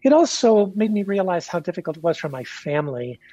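Radio guest: woman from Kentucky, husky, speaks measured and candid, dry muffled line. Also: fairly low pitch, big pitch swings, dark tone, dry recording. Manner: measured, candid, with fillers and restarts. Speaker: guest, pastor and author. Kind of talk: reflective radio interview.

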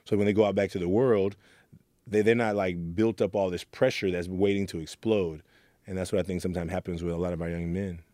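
A man's voice: deep voice, fairly even intonation, a little fast, warm tone, dry recording, clean studio sound. A middle-aged man from Oakland, a youth mentor, earnestly telling his story in an interview and acting out quoted lines. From Oakland, California. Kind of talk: reflective interview talk.

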